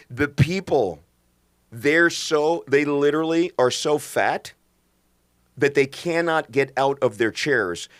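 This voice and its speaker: A man's voice: mid-range voice, a bit bright. An impassioned man in middle age, speaking as a doctor on a podcast. His delivery is earnest and emphatic, and he keeps restarting his sentences mid-thought.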